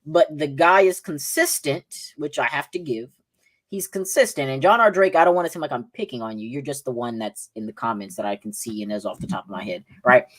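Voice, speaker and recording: A man's voice: mid-range voice, fairly quick, a bit bright. A man with a Southern accent hosting a political livestream podcast, combative and repeating "right?" again and again. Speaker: podcast host.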